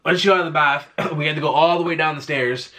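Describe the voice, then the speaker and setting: A man's voice: fairly high pitch, steady tone, fast talker. A young man vlogger telling a story in a casual, laid-back and amused way. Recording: loud background noise.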